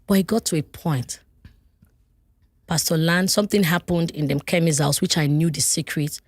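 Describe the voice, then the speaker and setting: A woman with a Nigerian accent, a podcast guest telling her life story in an animated, vivid way with bursts of laughter. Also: sits low, normal speed, breathy edge, dry recording, studio quality. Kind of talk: personal storytelling in a podcast interview.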